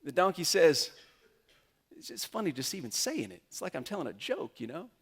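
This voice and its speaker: A man preaching a sermon as pastor, retelling a story and acting out the characters' lines in quick quotes. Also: fairly high pitch, sing-song, husky.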